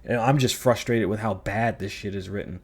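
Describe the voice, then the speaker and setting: A man's voice: fairly low pitch, brisk. A man giving a ranting video review, sarcastic, profane and exasperated. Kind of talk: ranting commentary.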